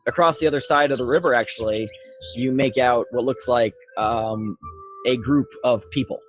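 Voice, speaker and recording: Guy running a tabletop game, lots of um and uh, mid voice, faint music behind. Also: mid-range voice. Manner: halting, heavy with fillers. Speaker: game master.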